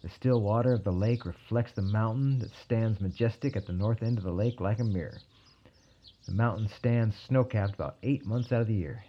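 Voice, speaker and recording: A man narrating a personal story in a calm, wry way. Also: fairly low pitch, moderate pace, highs cut off.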